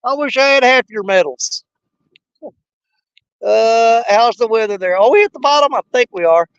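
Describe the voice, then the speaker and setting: Hosting a fishing livestream from a river, an older Missouri man keeps up a casual, folksy chat with viewers, full of jokes and frequent laughter. His very high-pitched voice is expressive and clean at a normal speed, recorded dry with the highs cut off.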